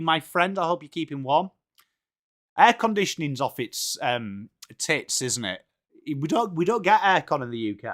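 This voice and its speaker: English male streamer, friendly chatter, calls everyone mate, slightly higher pitch. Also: fairly bright tone. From England. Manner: chatty, greets viewers by name, says mate a lot. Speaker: livestream host. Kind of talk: casual live watchalong chat.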